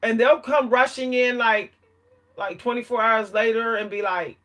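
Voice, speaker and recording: A woman's voice: on the high side, normal speed, fairly bright tone. A woman talking to camera in a casual vlog monologue, telling an emphatic story and laughing often between points. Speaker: vlogger.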